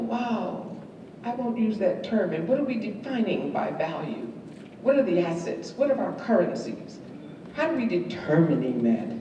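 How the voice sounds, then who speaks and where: A middle-aged woman, giving a university lecture to students in a lively, wry way and teasing them with questions. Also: medium pitch, lo-fi sound. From New York. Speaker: guest speaker. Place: large lecture hall. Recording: echoey hall from far off, faint room noise.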